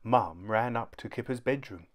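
A man reading a children's storybook aloud in a clear, even narrating voice. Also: fairly low pitch, normal speed. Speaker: storybook reader.

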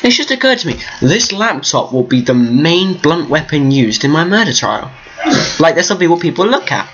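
A goofy, excitable man giving casual commentary while playing a block-building game at home. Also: a little high, normal speed, muffled recording, a little hiss or hum. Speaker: Minecraft let's player. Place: room at home.

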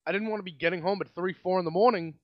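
Rapid-fire and high-pitched, a young Staten Island host with a New York accent rants through his casual solo podcast. He's rambling and exasperated, with many restarts, on a dry recording whose highs are cut off.

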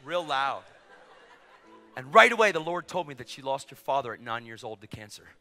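A man preaching a storytelling sermon in a church or event hall, animated and swinging from hushed asides to shouts. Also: medium pitch, fast talker. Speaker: evangelist preacher. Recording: echoey hall with faint music.

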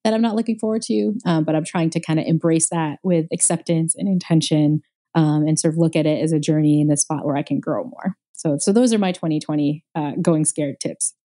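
This is a woman speaking as a guest scientist in a relaxed interview. Her voice sits on the low side and has a mellow, soft tone. She explains research eagerly, with an easy, conversational flow. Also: fairly quick. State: recovering from a knee injury.

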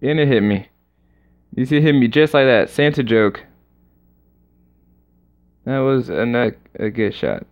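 A young man casually commenting on a game during a livestream, excitable and rambling as he reacts aloud. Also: medium pitch, a little slow, long pauses. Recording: slightly dull lo-fi recording.

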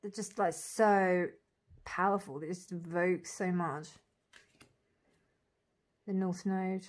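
Slow, dreamy woman admiring cards. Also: fairly low pitch, steady tone. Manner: dreamy, admiring, lingers on single words; soft laughs and gushing asides. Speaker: tarot reader reviewing an oracle deck. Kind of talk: casual unboxing walk-through.

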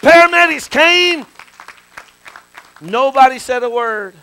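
A man preaching a sermon as a bishop, dropping to hushed storytelling and rising to shouted praise. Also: very high voice, expressive, slow, some chatter behind, rough recording.

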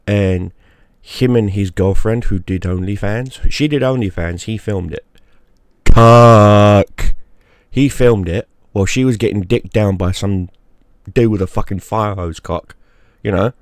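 A YouTube gaming creator delivers a crude, mocking rant straight to camera, profane and often repeating himself for emphasis. His lowish, darkish voice moves at a moderate pace with no room sound.

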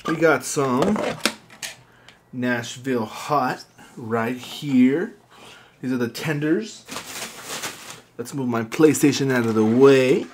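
A young man talks casually to his viewers as he works through a big meal for a mukbang vlog, chatting between bites. His voice sits at an ordinary middle pitch, recorded close at a table with a faint hiss in the background. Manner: quiet murmured prayer. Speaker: mukbang vlogger. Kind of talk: casual eating vlog chat.

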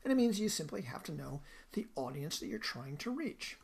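A woman's voice: low voice, big pitch swings, normal speed, a little mellow, husky. A woman giving a recorded lecture in a conversational way, often asking the listener questions.

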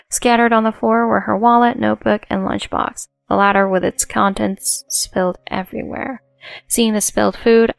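Gravelly woman narrating a story. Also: mid-range voice, no echo.

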